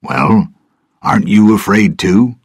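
A man's voice: on the low side, lively intonation, slow, breathy edge, no room sound, studio quality, pitched above the performer's own voice, exaggerated voice. A man voicing a worried older male ship's mate who calls orders urgently, in a storybook reading.

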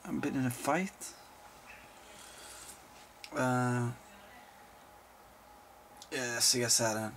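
A sleepless, tired man hosts a video answering viewer questions, speaking very slowly with frequent pauses in a medium-pitched, fairly bright voice. His casual chat is full of rambling, jokes and free swearing, with a little hiss or hum.

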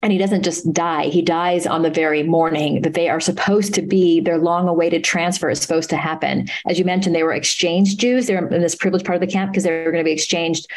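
Low-voiced woman retelling a story. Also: steady tone, low-quality recording. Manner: earnest, halting, many "um"s and restarts. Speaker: author and interview guest. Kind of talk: conversational storytelling at a live talk.

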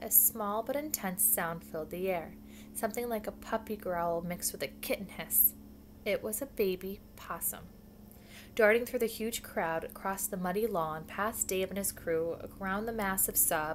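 A woman's voice: fairly low pitch, noisy background. A woman reading a children's book aloud at home, with casual asides. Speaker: reader.

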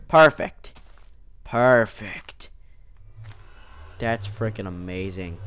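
A man's voice: mid-range voice, a little hiss or hum. Goofy rambling young man, voice cracking. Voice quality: voice cracks often. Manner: rambling, goofy, talks to himself and the game. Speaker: gameplay video host. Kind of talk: casual let's-play commentary.

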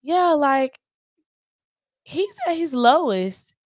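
A woman's voice: high-pitched, drawn-out words, no room sound. Chatty woman in her twenties, dry sound. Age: 20s. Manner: chatty, animated, lots of "you know what I mean". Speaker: podcast guest. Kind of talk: casual chat.

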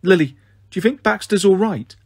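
A man's voice: high voice, animated, a little fast, breathy edge, no room sound, clean studio sound, pitched above the performer's own voice, exaggerated voice. A man doing an anxious timid little girl. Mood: worried. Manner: worried, soft.

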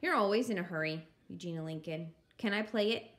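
A woman's voice: on the low side, brisk, a bit bright, close to an everyday voice. A woman voicing a curious, chatty little girl who asks question after question, artless and cheerfully persistent, in a storybook reading.

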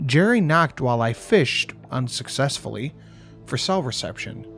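A man's voice: medium pitch, animated, normal speed, a bit bright. A man narrating a horror story in the first person, with a wry storytelling manner. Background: faint music.

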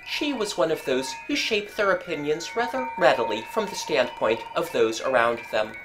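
Expressive woman reading a story. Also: low-pitched, normal speed, music in the background, poor audio. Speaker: narrator.

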